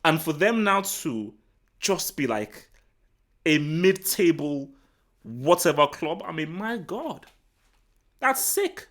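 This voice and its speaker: A man from Nigeria hosting a live football talk stream, chatting casually and answering the chat in an excitable, rambling way full of restarts. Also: fairly high pitch, slow pace. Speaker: football talk show host. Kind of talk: casual livestream commentary, reading the chat.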